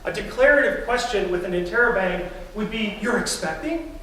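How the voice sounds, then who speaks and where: A man's voice: sits high, a little fast, fairly bright tone, a little hiss or hum. A man preaching a sermon as a pastor in a church, telling stories in a conversational way. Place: church sanctuary. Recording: very echoey church, distant mic.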